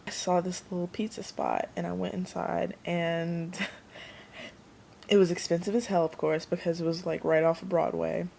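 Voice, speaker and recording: Young woman, casual vlog, chatty storyteller, mellow tone, faint background hiss. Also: lowish voice, flat delivery, normal speed, gravelly. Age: young adult. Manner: chatty, rambling, acts out quotes. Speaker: vlogger.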